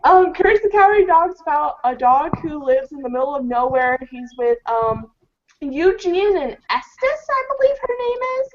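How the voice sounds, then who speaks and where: A young woman rambling through comedic casual chat, animated and slipping into silly voices. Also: sits high, moderate pace. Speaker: podcast regular. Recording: muffled lo-fi recording.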